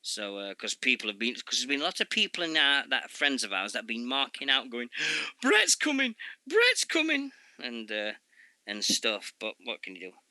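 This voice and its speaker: A man hosting a casual radio show, reading event listings in a halting way full of fillers and asides. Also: medium pitch, pushed and bright, dry recording.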